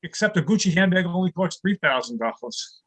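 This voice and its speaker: Older man, stand-up comedian, high voice, dry one-liners, video call. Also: fairly quick, low-quality recording. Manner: deadpan one-liners with punchlines.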